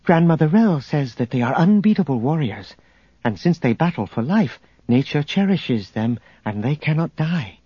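A man's voice: a little high, big pitch swings, moderate pace, breathy edge, no room sound. A man voicing a fierce, proud young female witch warrior with a commanding manner, on a dull lo-fi audiobook recording. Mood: curious. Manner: triumphant, commanding.

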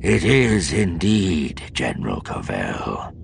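A man voicing a sinister, gloating dark Jedi master in an audiobook, speaking slowly and theatrically. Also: rumbling low, big pitch swings, creaky, slight background noise, heavily acted. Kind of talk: audiobook narration.

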